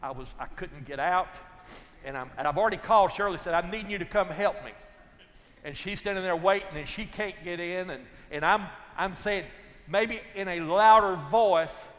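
An older man preaching a sermon, telling folksy stories and swinging from loud to hushed. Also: high-pitched, moderate pace, in a large hall. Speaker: pastor.

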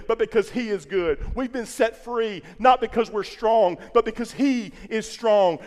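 A man preaching in a church with a high, ringing voice that carries through a long hall echo. He drops to near hushed lines, then climbs to loud, insistent peaks, often repeating words as he builds. It has the rhythm of a live sermon. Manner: impassioned, swinging from quiet to loud, repeating words. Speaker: pastor. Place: church sanctuary.

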